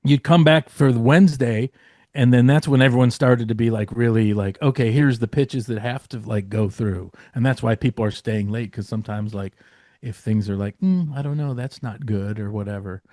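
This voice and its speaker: In this casual storytelling clip, a male guest writer wanders through a backstage anecdote full of fillers, false starts and some cursing. His middle-pitched voice is a little mellow, with fairly even intonation and a moderate pace. The audio is close and dry, with no echo or room sound.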